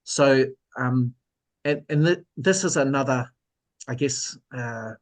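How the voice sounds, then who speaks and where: A man's voice: medium pitch, slow. A man, a guest author in a casual discussion, explaining thoughtfully and trailing off into fillers.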